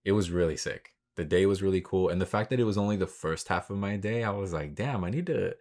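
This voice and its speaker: A man's voice: deep voice, fast talker, darkish tone. A man hosting his own podcast, talking in a laid-back, rambling way with lots of slang and swearing. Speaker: podcast host. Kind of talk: casual solo podcast monologue.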